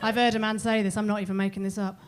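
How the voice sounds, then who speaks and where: A woman's voice: medium pitch, flat delivery, rapid-fire, noisy background. A middle-aged woman with a southern English accent doing bawdy stand-up crowd work in a comedy club, with cheeky apologetic asides. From southern England. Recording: live club recording with audience laughter.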